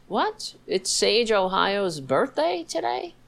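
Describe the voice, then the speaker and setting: A woman's voice: lowish voice, very animated, slow, vocal fry, pauses often, poor audio. A woman hosting a casual political livestream, sarcastic and profane, chatting to her dog between topics. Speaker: livestream host.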